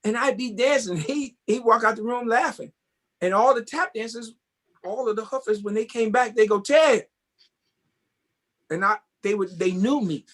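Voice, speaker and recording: A man, a tap dancer and guest, telling casual stories in an animated way and often asking "you know what I mean?". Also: high-pitched, moderate pace. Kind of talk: casual interview storytelling.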